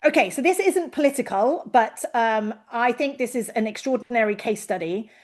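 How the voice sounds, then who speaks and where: A woman giving an expert presentation on a video call, lively and given to acting out quoted voices. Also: normal speed. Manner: lively, acts out quoted voices with big pitch jumps. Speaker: invited expert speaker. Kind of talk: online presentation to a learning session.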